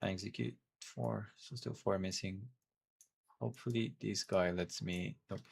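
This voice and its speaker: A man whose first language is Portuguese, chatting casually and haltingly while streaming a game and thinking aloud. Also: on the low side, steady tone, gravelly, a little hiss or hum. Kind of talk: casual gameplay stream chat.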